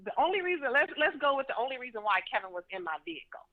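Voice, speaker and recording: A woman's voice: high voice, big pitch swings, very fast. A woman calling in by phone to a talk show, indignant and emphatic, often laughing as she tells her side. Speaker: caller. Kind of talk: casual phone interview. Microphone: telephone. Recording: phone line.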